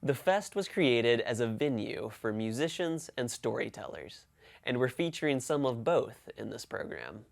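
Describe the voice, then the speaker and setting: A man hosting a faith program, reading a scripted narration in a measured, earnest way. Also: medium pitch, gravelly. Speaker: program host.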